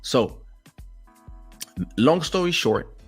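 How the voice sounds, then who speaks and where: A man hosting a casual talk show, telling stories in an animated way and acting out quotes, with a French-speaking background. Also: a little high, very slow, husky, soft background music. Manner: animated storyteller, acts out quotes. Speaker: host.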